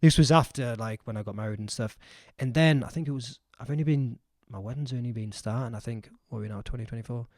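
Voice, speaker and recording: A man's voice: mid-range voice, fast talker, few pauses, a little mellow, no room sound. Young man, podcast guest, rambling casual chat, dry close sound. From England. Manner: chatty, rambling, many likes and restarts. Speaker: guest, wedding filmmaker.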